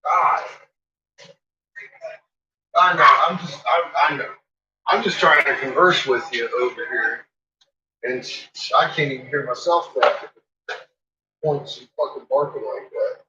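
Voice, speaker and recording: A man's voice: medium pitch, measured pace, pauses often, pushed and bright. A man chatting casually while he cooks in his home kitchen, swearing freely and teasing his dogs. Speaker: vlogger. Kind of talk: casual chat while cooking. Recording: echoey, distant, dull, noisy with dogs barking.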